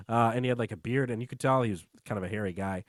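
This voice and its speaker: A man's voice: fairly low pitch, very fast, dry recording, clean studio sound. A young man co-hosting a casual podcast, telling rambling, joking stories and laughing through them. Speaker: podcast co-host. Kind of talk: casual chat.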